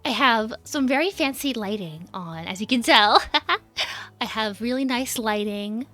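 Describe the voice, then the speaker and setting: A woman's voice: a little high, unhurried, sharp tone, soft background music. A young woman streaming as a VTuber, chatting casually and giggling often as she greets her chat by name. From United States.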